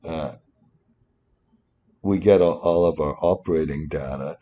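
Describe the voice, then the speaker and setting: A finance instructor with a very deep, narrow voice teaches over a spreadsheet at a measured pace, and the audio sounds tinny. In this screen-recorded tutorial he rambles, breaking off into muttered asides and apologies.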